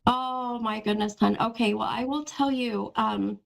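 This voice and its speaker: A woman hosting a live call-in psychic reading, talking gently and reassuringly to a caller and calling her hun and sweetheart. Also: on the high side, fairly even intonation, a little slow, gravelly, low-quality recording. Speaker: psychic medium host.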